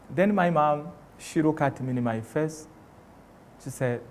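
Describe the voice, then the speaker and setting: A man tells an emotional life story on stage as a motivational speaker. He speaks slowly and deliberately in a slightly raised voice, acting out the voices in the story. He swings between loud bursts and hushed lines. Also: on the high side. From Rwanda. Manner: impassioned, acts out dialogue, swings loud and soft. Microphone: stage microphone.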